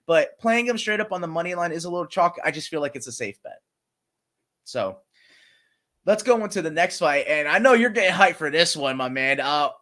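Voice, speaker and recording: A man's voice: high voice, pushed and bright. A man co-hosting a podcast, chatting casually about fight picks in a chummy, rambling way with lots of fillers. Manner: chummy, calls his co-host brother and man; loose, rambling delivery with fillers and restarts. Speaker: podcast co-host. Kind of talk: casual sports betting chat.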